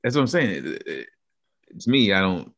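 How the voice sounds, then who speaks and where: A man's voice: on the low side, big pitch swings, normal speed, fairly bright tone, lo-fi sound. A man co-hosting a podcast in casual chat, argumentative and given to spelling out long theories. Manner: argumentative, lays out theories at length. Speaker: podcast co-host.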